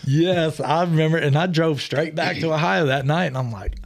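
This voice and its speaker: A man's voice: on the high side, moderate pace. A man in his forties, a podcast guest, telling his story in a casual, rambling way and often laughing mid-story, recorded in a studio.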